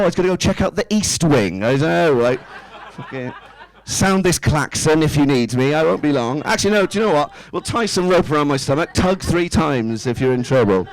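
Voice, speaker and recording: A man's voice: a little high, animated, normal speed, gravelly, few pauses, rough recording. A man, doing a stand-up set in a small club, chatty and self-mocking, tossing rhetorical questions at the crowd. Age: 30s. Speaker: stand-up comedian. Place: small indoor comedy club stage.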